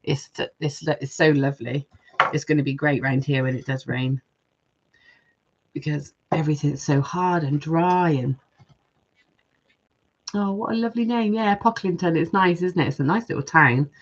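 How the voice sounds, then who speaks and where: A woman's voice: deep voice, normal speed, pauses often, highs cut off, a little hiss or hum. A woman hosting a live jewellery-making stream, chatting casually and reading viewer comments aloud.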